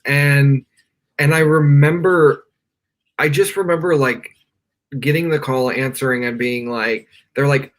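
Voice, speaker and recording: A man's voice: medium pitch, steady tone, unhurried. A young man, a podcast guest, telling a personal story with earnest, rambling talk full of "like" fillers, speaking from his bedroom on a remote call. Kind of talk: candid personal storytelling in a live interview.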